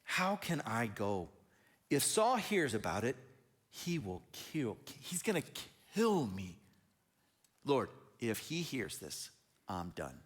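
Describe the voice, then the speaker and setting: A preacher doing a fearful old prophet. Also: male voice, mid-range voice, wildly swooping pitch, takes it slowly, breathy edge, voice pushed down, exaggerated voice. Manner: anxious, pleading. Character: the prophet Samuel, an older man, fearful and grieving.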